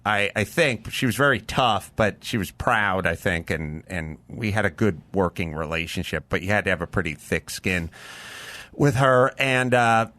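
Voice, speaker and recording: Rambling storytelling man with a bright voice. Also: on the low side, lively intonation, normal speed. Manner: storytelling, lots of fillers like "like". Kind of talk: casual chat.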